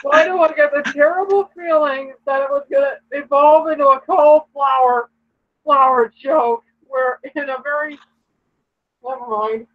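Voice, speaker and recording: A woman's voice: high-pitched, steady tone, moderate pace, narrow, tinny audio. A woman chatting casually, trailing off mid-sentence. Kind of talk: casual chat.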